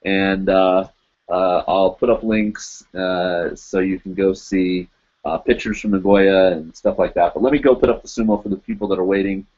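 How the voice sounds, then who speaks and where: A man's voice: low voice, steady tone, normal speed, darkish tone. Rambling lo-fi livestream host, man. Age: adult, teaches in Japan. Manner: rambling, laughs often, many fillers. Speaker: host of a live web show. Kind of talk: casual live-stream chat reading comments.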